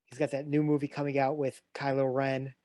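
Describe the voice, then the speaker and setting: A man's voice: mid-range voice, monotone, a little fast, dark tone, dry recording. A man hosts a casual online watch-along, his voice dry and close to the mic with no room around it. He introduces the guest and the film in an upbeat, filler-heavy way. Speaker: host. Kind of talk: casual show hosting on a video call.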